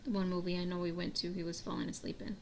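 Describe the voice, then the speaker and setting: A woman's voice: level tone, very fast, vocal fry, slight background noise. A woman vlogger chatting casually while she crafts, rambling and laughing often. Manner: acts out family quotes in a high voice. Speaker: diamond painting vlogger.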